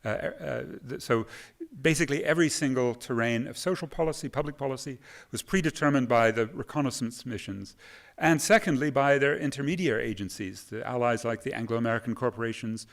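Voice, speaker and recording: A man's voice: mid-range voice, a little fast, creaky. A man speaking on a conference panel into a microphone, emphatic and quoting sources at length. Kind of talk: conference talk. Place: conference hall. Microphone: microphone at a podium.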